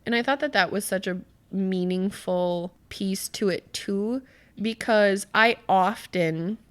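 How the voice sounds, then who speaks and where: A woman in mid pitch, speaking as a podcast host in a loose, conversational way. She talks with earnest, emphatic passion and swears often for emphasis. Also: slow pace. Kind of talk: casual podcast discussion.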